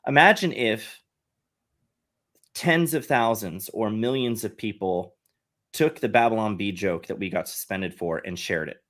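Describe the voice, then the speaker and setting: Low-voiced man explaining earnestly. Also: a little slow, a bit bright. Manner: earnest, explains at length with many restarts and "like". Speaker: podcast guest, satire site head. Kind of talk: casual podcast conversation.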